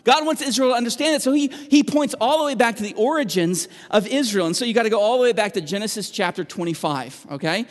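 A man preaching a sermon as pastor, moving between emphatic and hushed delivery. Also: high voice, big-room sound.

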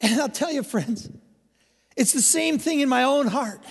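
An older male pastor preaches with a high, lively voice that swoops through a wide range. He tells his story and presses his points with fervent emphasis. His words ring out in a reverberant hall. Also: unhurried, creaky, slightly rough. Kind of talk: sermon.

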